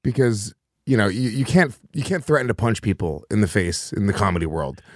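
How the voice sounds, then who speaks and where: A man's voice: fairly low pitch, a little fast, no echo, clean studio sound. A man who is a comedian and co-host, ranting bluntly and profanely in a casual chat.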